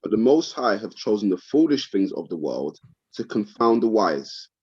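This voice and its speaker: A man reading scripture aloud slowly in a class. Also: on the low side, big pitch swings, darkish tone, slightly rough. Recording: muffled, dull sound.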